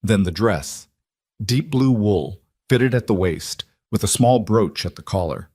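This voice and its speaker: A man narrates a scripted story in a low, level, husky voice, keeping a steady and unhurried pace. The audio is close-miked and dry, with no room sound.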